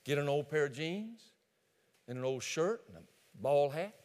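A male pastor preaching a sermon in an animated storytelling way, addressing listeners directly. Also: on the high side, normal speed, long reverb tail.

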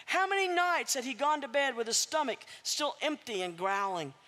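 Woman preacher, high lively voice, dramatic storytelling, long hall echo. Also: normal speed. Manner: dramatic, swooping delivery with asides. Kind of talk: sermon storytelling.

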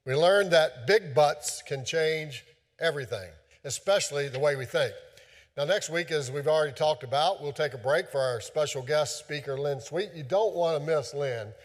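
A man's voice: fairly high pitch, normal speed, long reverb tail. A man preaching a sermon as a pastor, folksy and loose, with many fillers and restarts.

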